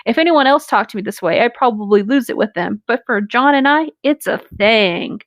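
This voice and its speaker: A woman's voice: fairly high pitch, animated, moderate pace, dry recording. A woman, reading a story aloud and bantering with crude jokes and frequent laughter. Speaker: story reader and co-host.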